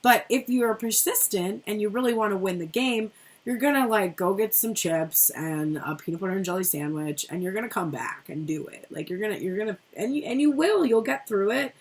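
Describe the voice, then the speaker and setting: A woman's voice: medium pitch, animated, brisk, husky. A middle-aged woman giving a casual tarot reading, chatty and rambling, who swears freely. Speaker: tarot reader.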